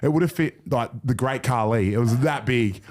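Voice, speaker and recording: An Australian man on a podcast, telling a story quickly with swearing and laughs. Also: mid-range voice, a little mellow. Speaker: podcast co-host. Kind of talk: casual chat.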